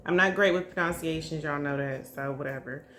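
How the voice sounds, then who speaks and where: Chatty lower-voiced woman giving a psychic reading. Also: brisk, fairly bright tone, a little hiss or hum. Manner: chatty, often checking in with viewers with "okay?" and "y'all"; hesitant, full of hedges and fillers. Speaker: psychic reader. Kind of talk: casual spiritual reading to camera.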